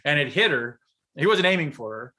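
A man's voice: on the high side, expressive, brisk, bright, forceful tone. Laughing, swearing man telling stories. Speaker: podcast host. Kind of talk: casual chat.

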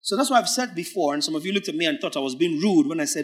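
Preacher, male, high-pitched; emphatic sermon delivery that drags words out and drops to near-whispers between loud lines. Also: animated. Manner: emphatic, drawn-out words, sudden swings from loud to hushed; acts out imagined church members in quoted asides.

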